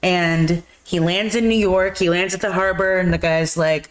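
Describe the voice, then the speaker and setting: A woman's voice: fairly low pitch, fairly even intonation, normal speed. Chatty woman rambling through a movie recap. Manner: rambling, laughing retelling with filler words. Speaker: podcast co-host. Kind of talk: casual movie chat.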